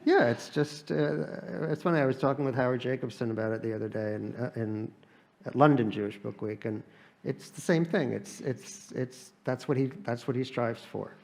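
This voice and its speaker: A man's voice: mid-range voice, normal speed, creaky, a little mellow. An American man, an author speaking at a live event, telling wry comic stories and often restarting his sentences. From United States. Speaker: author guest. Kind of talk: live on-stage conversation.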